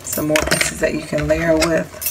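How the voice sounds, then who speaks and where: A crafting vlogger casually shows off and explains her haul of craft dies in a home vlog, chatty and full of apologetic asides. Her voice sits low and monotone at an unhurried pace, with audible background noise.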